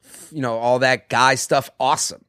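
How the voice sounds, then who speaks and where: A man's voice: medium pitch, steady tone, moderate pace, fairly bright tone, clear, resonant tone, no echo, clean studio sound. Rambling, swearing man. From Boston. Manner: rambling, swearing, laughs at himself. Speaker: comedian guest. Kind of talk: casual podcast chat.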